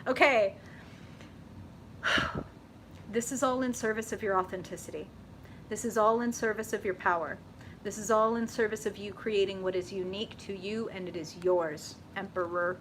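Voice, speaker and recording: Animated, bright-voiced woman reading tarot live. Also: medium pitch, normal speed, long pauses, a little hiss or hum. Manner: animated, swears freely, lots of "like". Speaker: tarot reader hosting a live stream. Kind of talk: live tarot reading, casual chat with viewers.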